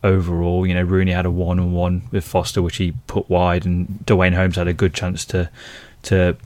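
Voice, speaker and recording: A man's voice: sits low, completely flat delivery, moderate pace, darkish tone, no room sound. A man chatting casually as a football pundit on a podcast, talking conversationally with frequent fillers and restarts.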